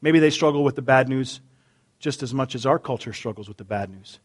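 A middle-aged man preaching a sermon, humorous, swinging between loud emphasis and quiet asides. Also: medium pitch, fairly quick. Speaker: pastor.

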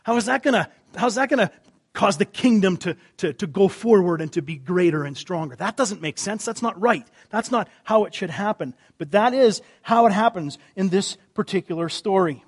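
A man preaching a sermon in a conversational way, asking rhetorical questions and dropping to quiet emphasis on key words. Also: sits high, lively intonation, moderate pace, husky. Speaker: pastor.

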